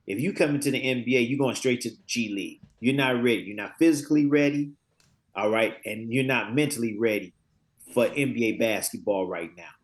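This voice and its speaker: A man in his fifties speaks as an interview guest in a casual, storytelling way. His voice sits at a middling pitch. He acts out quoted dialogue and often repeats words while he gathers his thoughts. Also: fairly quick.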